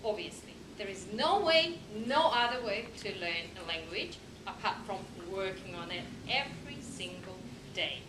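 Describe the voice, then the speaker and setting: Captured from far away in a noisy, echoing room, a woman teacher presents a lecture to an audience. Her medium-pitched voice swings widely in pitch at a normal speed with barely any pauses, yet she stumbles with many ums and phrasing that isn't quite idiomatic English.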